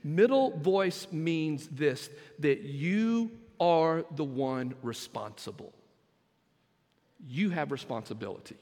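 A male pastor with a high-pitched voice preaches with emphatic force, dropping low and quiet before rising into loud bursts. His voice rings with the long reverb of a church sanctuary. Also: animated, slow pace. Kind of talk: sermon.

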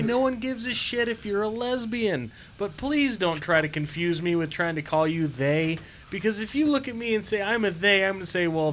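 A man's voice: fairly high pitch, fairly bright tone. A man co-hosting a podcast in casual chat, blunt and crude as he rants, in a recording with noise and clicks. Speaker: podcast co-host.

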